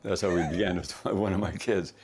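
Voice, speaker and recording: A middle-aged man, a company founder, telling stories in a casual, animated way, often laughing at himself. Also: sits low, a little fast, a little hiss or hum. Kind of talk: casual anecdotal storytelling.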